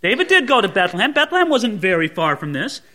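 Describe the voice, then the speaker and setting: A male pastor delivers an expository sermon in a high, bright voice. His pitch rises and falls with lively swings as he keeps asking his listeners rhetorical questions. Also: fast talker.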